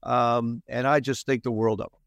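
An older man from New Jersey, a former quarterback telling animated anecdotes as an interview guest. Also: medium pitch, normal speed, gravelly, no room sound, clean studio sound. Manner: animated anecdotes with laughs and restarts. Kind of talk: storytelling interview.

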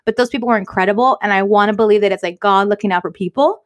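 A woman co-hosting a casual podcast, telling an animated story full of "like" and "you guys". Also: mid-range voice, very fast. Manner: animated storyteller, heavy use of "like". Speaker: podcast co-host.

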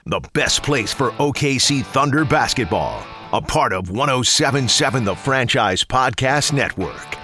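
A man's voice: mid-range voice, lively intonation, unhurried, few pauses, sharp tone. A man reading a scripted podcast intro in a polished announcer manner. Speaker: show announcer. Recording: announcer read over guitar music.

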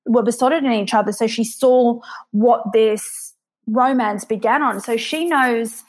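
A woman in a conversational interview, her voice sitting a little high. She speaks candidly and with feeling, pausing and restarting as she reflects. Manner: emotional, reflective, with frequent restarts. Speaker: podcast guest, author.

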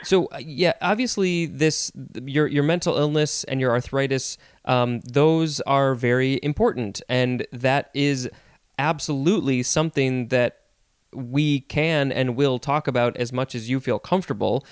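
A man hosting a podcast, talking in a relaxed, hesitant way with many pauses while interviewing a guest. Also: medium pitch, clean tone, dry recording, studio quality. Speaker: podcast host. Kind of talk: casual interview chat.

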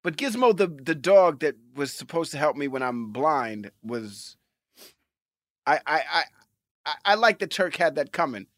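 An excitable, teasing man co-hosting a podcast. His voice is bright and a bit high, leaping around in pitch, and it sounds dry, as if close to the mic. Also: unhurried, no echo. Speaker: podcast co-host. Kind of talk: casual chat.

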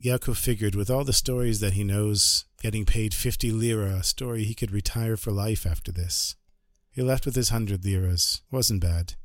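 A man telling a traditional story in a lively, animated, dramatic way. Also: fairly low pitch, normal speed, dry recording, studio quality. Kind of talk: oral storytelling.

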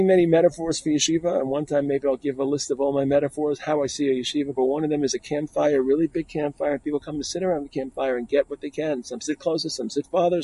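A man's voice: on the high side, vocal fry, warm tone, breathy edge, poor audio. A man, a rabbi, giving an earnest, reflective talk to yeshiva students with stories.

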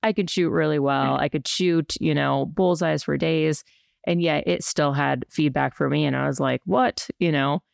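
A young woman hosting a casual podcast chat, talkative and quick to laugh. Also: low voice, fairly even intonation, gravelly, dry recording, clean studio sound. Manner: chatty, laughs often, quotes herself in playful voices. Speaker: podcast host.

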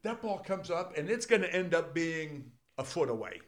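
An older man, a guest in a studio interview, telling a long anecdote in a lively, casual way with frequent swearing and bursts of laughter. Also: a little high, moderate pace. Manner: animated, swears freely, breaks into laughter.

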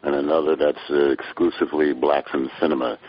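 An older man with a very low, husky voice tells jokes and stories at a relaxed, drawn-out pace. His talk comes through dull, lo-fi podcast audio. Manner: joking, storytelling, drawn-out delivery. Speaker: actor, guest. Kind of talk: casual chat.

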